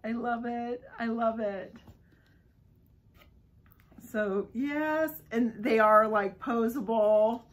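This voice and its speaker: A woman filming a casual unboxing vlog, gushing and giggling excitedly as she talks. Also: fairly high pitch, very slow, pauses often, poor audio. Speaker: vlogger unboxing a subscription box.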